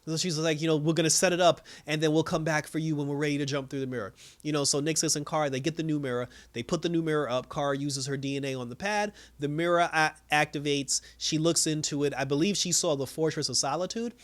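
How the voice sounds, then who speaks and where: Fast-talking higher-voiced man recapping. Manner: animated slangy retelling, acting out characters' lines with laughs. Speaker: show host reviewing a TV episode. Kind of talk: casual episode recap.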